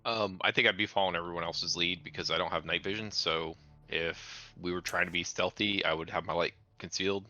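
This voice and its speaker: A man's voice: low voice, fairly even intonation, fairly quick, bright, forceful tone. A man playing a tabletop game, explaining his character's choice in a matter-of-fact way. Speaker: player. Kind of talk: casual tabletop play.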